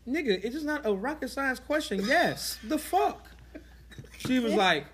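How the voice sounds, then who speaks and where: A young man tells a crude story among friends in a relaxed, unhurried way. His pitch moves around a lot as he acts out what other people said. Faint noise and clicks sit behind him. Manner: crude, laid-back, acts out quotes.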